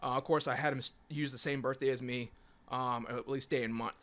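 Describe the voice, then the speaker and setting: A man's voice: mid-range voice, fairly even intonation, a little fast, a bit bright. A man on a podcast, chatting casually and reading a written character backstory aloud with small slips. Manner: casual, swearing, reads steadily with small slips. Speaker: podcast guest, scare actor.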